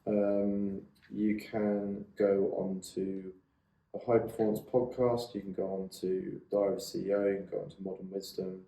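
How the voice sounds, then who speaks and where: A man's voice: deep voice, level tone, moderate pace, warm tone. A man, co-hosting a podcast in a chatty, teasing, rambling way. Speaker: podcast co-host. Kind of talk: casual chat. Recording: echoey room.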